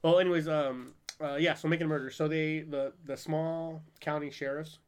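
Guy hosting a podcast, kinda high voice, rambles and swears a lot, laughs a bunch. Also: steady tone, moderate pace, clear, resonant tone. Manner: rambling, profane, laughs often. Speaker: podcast host. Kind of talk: casual chat.

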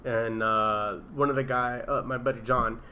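A man chatting casually, rambling and animated, telling stories with laughs and swearing. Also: medium pitch, moderate pace, slight background noise. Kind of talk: casual chat.

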